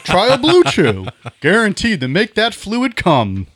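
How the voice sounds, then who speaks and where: Guy doing a loud slow fake ad guy voice. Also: wildly swooping pitch, dry recording, heavily acted. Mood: hyping. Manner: loud, drawn-out pitch voice. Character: mock male ad announcer.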